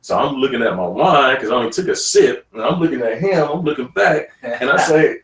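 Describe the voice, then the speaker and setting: A man, an actor guest in an interview, telling stories in a lively way and laughing often. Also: medium pitch, brisk, few pauses, shouting. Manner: animated storyteller, laughs often. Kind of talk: casual interview talk. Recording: roomy studio, mic at a distance.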